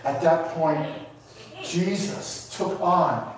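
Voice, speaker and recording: A man's voice: high-pitched, a little slow. A man preaching a sermon with emotion, repeating and building his points with emphasis. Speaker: pastor. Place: church sanctuary. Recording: echoey hall from far off.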